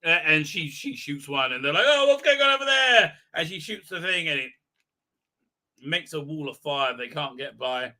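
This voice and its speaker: A man's voice: a little high, normal speed, bright, forceful tone. A man hosting a livestream, giving rambling, exasperated, crude fan commentary full of fillers. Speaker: livestream host.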